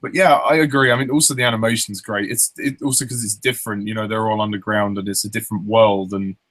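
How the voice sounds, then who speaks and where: A young man reviewing films in a casual chat, relaxed and agreeable, quoting lines from the films. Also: fairly low pitch, fast, dry recording. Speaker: film reviewer.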